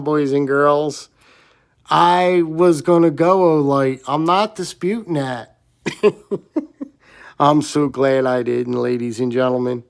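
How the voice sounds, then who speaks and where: This is a man with a slightly hoarse, gravelly voice that sits a little high. He tells a rambling story with excitement and loops back over the same points. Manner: rambling, excitable, repeats himself. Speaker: gear reviewer. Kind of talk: casual storytelling vlog.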